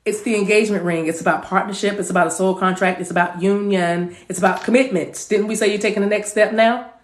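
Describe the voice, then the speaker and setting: A tarot card reader does a live reading for her viewers in an echoey room, with slight background noise. Her medium-pitched voice keeps a fairly even intonation at a quick pace. She chats away, repeats phrases, and occasionally lapses into speaking in tongues.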